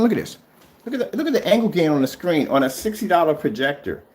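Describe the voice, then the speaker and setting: A man's voice: wildly swooping pitch, quick pace, a little mellow. A man in his fifties talking straight at a rival in a confrontational home vlog, taunting and repeating his challenge over and over. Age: 50s. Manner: taunting and repetitive, pitch jumping up on challenges. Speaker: DIY projector screen paint vlogger. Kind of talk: confrontational video rebuttal. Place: at home, showing his screen.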